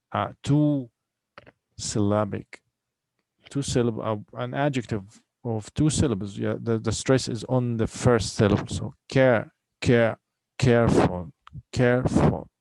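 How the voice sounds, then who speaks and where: A man's voice: fairly low pitch, darkish tone, no room sound, poor audio. A man teaching a vocabulary lesson, patiently repeating each word and breaking it into syllables to drill the stress. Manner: breaks words into syllables and stresses them clearly. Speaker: English teacher. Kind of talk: recorded online lesson.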